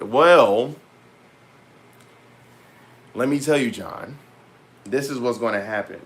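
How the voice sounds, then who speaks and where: A man talking casually to his viewers as a vlogger, loose and rambling with slang and frequent pauses. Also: mid-range voice, a bit bright. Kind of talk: casual talk to camera.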